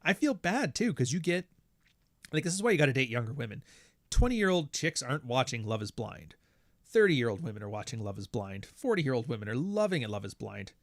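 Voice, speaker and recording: A man's voice: medium pitch, big pitch swings, a little fast, no echo, studio quality. Blunt, profane Canadian man ranting. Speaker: podcast host. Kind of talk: casual podcast rant.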